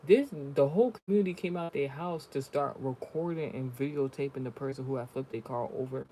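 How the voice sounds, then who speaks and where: Brisk and dark-toned, a medium-pitched man gives a spiritual reading in relaxed conversation, blunt and profane as he tells stories. Slight background noise sits under his voice.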